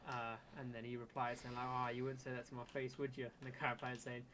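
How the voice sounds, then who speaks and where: A young man chatting casually on a gaming stream, swearing freely and telling animated stories. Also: mid-range voice, fast, slight background noise. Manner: swears a lot, animated storytelling.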